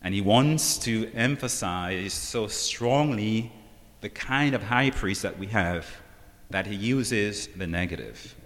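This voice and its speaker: A man preaching a sermon, emphatic and unhurried, often asking the listeners rhetorical questions. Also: on the low side, a bit bright. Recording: long hall reverb.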